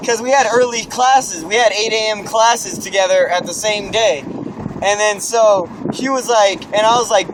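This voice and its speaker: Young man, high-pitched, animated casual storytelling, windy outdoor recording. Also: normal speed. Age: young adult. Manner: animated storytelling, swearing, acting out his own yells. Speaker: friend telling a story. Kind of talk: casual chat.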